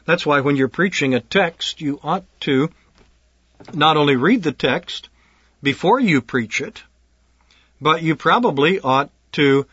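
A pastor speaking to would-be preachers in an earnest, deliberate way, often repeating words as he gathers his thoughts. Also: on the high side, bright, forceful tone, breathy edge, no echo. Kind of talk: instructional talk on preaching. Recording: dull lo-fi dry recording.

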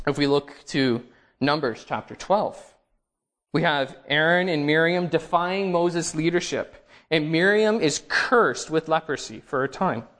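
Slow, emphatic male preacher. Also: a little high, a bit bright. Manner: slow, emphatic reading of scripture with rising, dramatic stresses. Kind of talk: sermon.

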